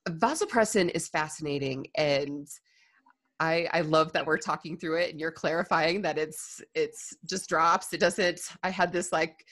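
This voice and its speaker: A woman's voice: deep voice, measured pace, fairly bright tone. A woman hosting a podcast interview, reacting with enthusiastic exclamations and asking follow-up questions. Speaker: podcast host. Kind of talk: conversational interview.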